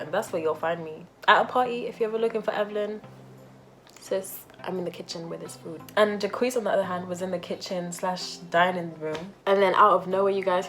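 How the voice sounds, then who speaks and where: A young woman telling a storytime vlog, animated and acting out quotes in different voices. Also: on the low side. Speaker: vlogger.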